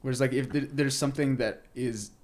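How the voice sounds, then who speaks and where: A man's voice: medium pitch, fairly even intonation, fairly quick, darkish tone. A young man in an easygoing podcast chat with a mid-range voice. He rambles loosely, drops the odd swear word and laughs readily at his own tangents. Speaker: podcast co-host. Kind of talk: casual chat.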